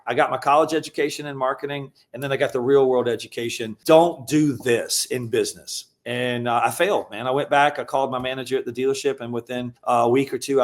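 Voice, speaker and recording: A man guest on an interview podcast, telling his business story in a blunt, emphatic way and giving advice. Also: mid-range voice.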